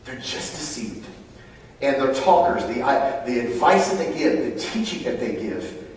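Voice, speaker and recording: American preacher guy, gets loud and high then drops quiet, big echoey hall, sounds far from the mic. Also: unhurried. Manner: animated, climbs high and loud when stirred, then drops low and quiet. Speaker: pastor. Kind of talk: sermon.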